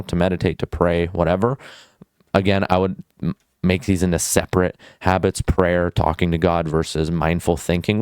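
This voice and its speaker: A man's voice: low-pitched, a little mellow, clean tone, dry recording, studio quality. A young man vlogging about habits in a blunt, rambling way, with casual swearing. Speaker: student vlogger. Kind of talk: casual self-help vlog.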